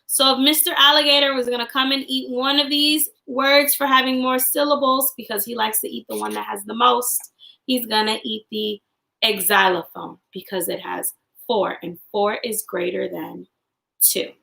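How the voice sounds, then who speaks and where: A young woman teaching a young class online, singing and chanting phonics in a cheerful sing-song voice with drawn-out words. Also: fairly high pitch, steady tone, creaky, sharp tone, low-quality recording. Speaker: kindergarten teacher.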